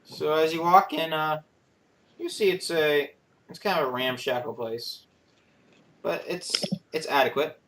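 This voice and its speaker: A man's voice: on the high side, fairly bright tone, a little hiss or hum. Man narrating as game master. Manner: halting narration with many fillers.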